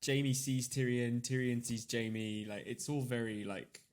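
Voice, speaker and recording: A man's voice: mid-range voice, fairly even intonation, a little slow. A man co-hosting a podcast, talking animatedly with lots of fillers and casual swearing. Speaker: podcast co-host. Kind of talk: casual chat.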